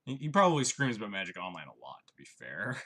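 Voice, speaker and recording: A young man talks through his card game on stream, his low voice carrying a bright, forceful edge. His pitch swings in a lively way as he muses and grumbles wryly about each play. Mouse clicks tick in the background. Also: fast. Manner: chatty, wry, thinks aloud. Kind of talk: casual live-stream commentary.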